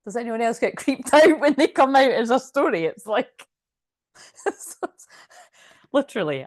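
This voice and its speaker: A woman's voice: a little high, big pitch swings, takes it slowly, pauses often, no room sound, studio quality. A woman doing a casual, chatty tarot reading, often laughing as she reads card messages aloud. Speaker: tarot reader.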